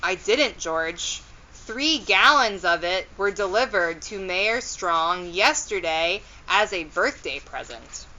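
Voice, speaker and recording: A woman's voice: on the low side, animated, slow, pushed and bright, dull audio, exaggerated voice. A woman voicing a busy mother in a children's storybook read-aloud, matter-of-fact and a bit flustered. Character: busy mother of a young girl.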